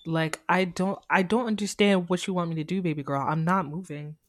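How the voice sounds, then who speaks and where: A woman's voice: on the low side, fairly quick. A young woman co-hosting a podcast, telling concert stories in casual chat, laughing often. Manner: animated storyteller, mimics other voices, laughs often. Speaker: podcast co-host.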